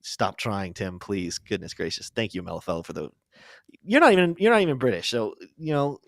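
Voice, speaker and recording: A man's voice: lowish voice, lively intonation, moderate pace, vocal fry, no room sound. A young man hosting a live crypto show, chatting casually through chart commentary with joking, self-deprecating asides.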